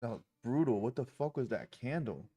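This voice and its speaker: A man's voice: medium pitch, expressive, brisk, dark tone, slightly rough, lo-fi sound. A man live-streaming his day trading, talking through his trades with heavy swearing and frustrated outbursts.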